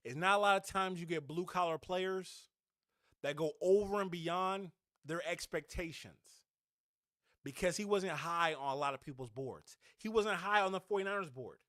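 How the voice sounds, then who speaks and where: Man ranting about sports, high-pitched, bright edgy tone, blunt and heated, dry close sound. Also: moderate pace, no room sound. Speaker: fan podcast host. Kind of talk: opinionated sports rant.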